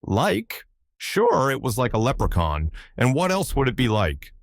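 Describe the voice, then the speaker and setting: A man voicing a superstitious old sailor with an Irish accent, telling a tale in a lilting, animated way. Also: medium pitch, unhurried, no room sound, clean studio sound, pitched above the performer's own voice. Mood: storytelling. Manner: yarn-spinning, lilting, animated.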